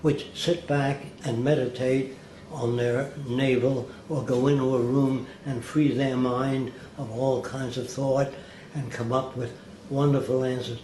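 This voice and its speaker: A man's voice: medium pitch, level tone, a little slow, mellow. Older man telling long anecdotes. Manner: rambling anecdotal storyteller, acts out quoted people. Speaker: interview guest. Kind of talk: storytelling in an interview. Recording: roomy, faint background hiss.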